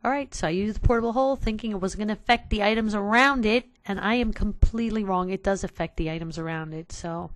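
A woman's voice: mid-range voice, fast, few pauses, no echo. A woman hosting a casual let's play, talking to her viewers in an exasperated way and sighing often. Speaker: gaming channel host.

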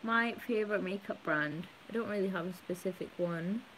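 A woman's voice: medium pitch, moderate pace, a bit bright, a little hiss or hum, low-quality recording. A young woman co-hosting a casual live stream at home, reading out comments and teasing her partner, recorded on a phone. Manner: teasing, playful, reads viewer comments aloud. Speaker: co-host of a couple's live stream.

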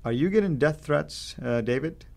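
A man co-hosting a live stream, reading out viewer questions and giving his views in a halting, casual way. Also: a little high, animated, gravelly, a little mellow. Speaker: co-host.

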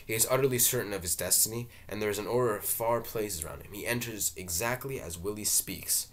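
Brief: a man with a low voice reading stage directions, steady and plain. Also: brisk, a little hiss or hum. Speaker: reader. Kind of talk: dramatic play reading.

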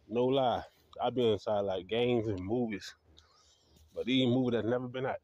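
A man's voice: fairly low pitch, darkish tone, no echo. Guy w/ rambling thru wild stories, lots of cussing, dry muffled sound. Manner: rambling, profane, laughs at his own stories. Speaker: vlogger telling dream stories. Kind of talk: casual storytelling monologue.

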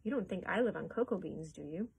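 A woman reading aloud voices a calm, eccentric factory owner in a storybook. He speaks low and hushed, utterly unruffled. A husky softness runs through it. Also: fast, heavily acted, rough recording. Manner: hushed, unruffled, matter-of-fact. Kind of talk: children's storybook read-aloud.

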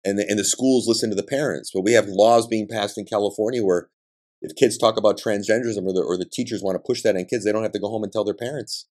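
A man's voice: fairly low pitch, fairly even intonation, fast, darkish tone. A man hosting a podcast, delivering a combative political monologue with blunt, emphatic ranting and profanity. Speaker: podcast host.

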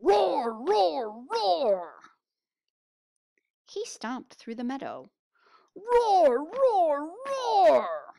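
Grumpy storybook bear, loud and roaring , read aloud by a woman, slow and lively. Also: creaky, no room sound, full character voice. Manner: booming roars.

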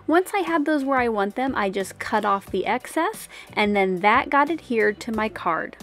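A woman's voice: on the high side, lively intonation, moderate pace, fairly bright tone. Chatty woman explaining card crafts. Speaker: card-making channel host. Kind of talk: casual crafting tutorial voice-over.

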